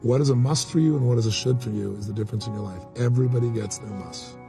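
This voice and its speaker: A man's voice: mid-range voice, fast talker, vocal fry, warm tone, faint music behind. A man speaking as a motivational speaker in a candid interview, blunt and full of stories, acting out quotes. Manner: storytelling, blunt, acts out quotes.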